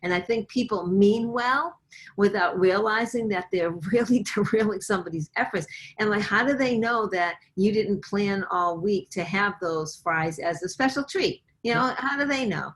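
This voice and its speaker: A woman's voice: medium pitch, moderate pace. Earnest woman health coach. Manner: earnest, lively, acts out quoted voices. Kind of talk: interview guest, conversational.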